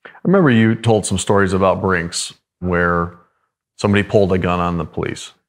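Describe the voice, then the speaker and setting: A man's voice: sits low, fairly quick. A man interviewing an older preacher, prompting him with short recollections. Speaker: interviewer and ministry host. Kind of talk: interview questions.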